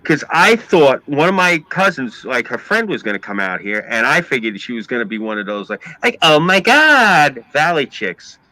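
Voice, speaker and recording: A man's voice: medium pitch, brisk, few pauses, no echo, rough recording. A man with a New York accent, ranting and swearing in casual chat as a stream host. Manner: ranting, profane, animated storytelling.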